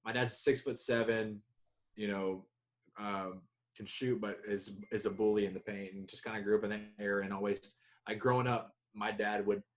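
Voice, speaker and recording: Low-voiced man telling rambling stories. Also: normal speed. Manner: rambling, profane, animated storytelling. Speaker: podcast co-host. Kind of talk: casual sports chat.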